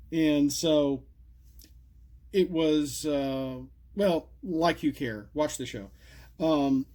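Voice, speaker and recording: A man's voice: a little high, a little mellow. A middle-aged man casually presenting homemade game cards, rambling with many fillers and asides, his voice cracking and coughing at times. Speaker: card game creator presenting custom cards. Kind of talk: casual solo video talk.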